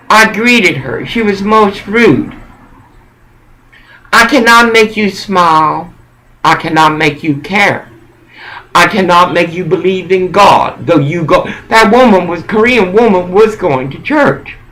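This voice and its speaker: A high-voiced man sounds pushed and bright as he preaches in a rambling monologue, his delivery intense and halting. He keeps circling back to repeat phrases, and the audio quality is poor.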